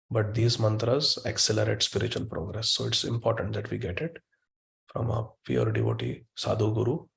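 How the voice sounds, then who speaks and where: Gravelly low-voiced man teaching scripture. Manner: emphatic, repeats words for stress. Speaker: spiritual teacher. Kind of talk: devotional scripture class. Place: online meeting room.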